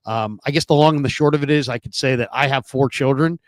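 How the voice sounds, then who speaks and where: A man's voice: mid-range voice, fast talker, no echo. A man in his forties hosting a sports podcast, talking casually in a hesitant, thoughtful way. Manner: hesitant, full of ums, thoughtful. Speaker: podcast host.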